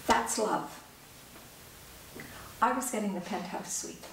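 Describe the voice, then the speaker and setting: A woman's voice: medium pitch, gravelly, fairly bright tone. Earnest middle-aged woman telling a story. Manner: earnest, measured, with pauses. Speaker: author and speaker. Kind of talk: personal storytelling talk. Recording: echoey room, distant mic, faint hiss.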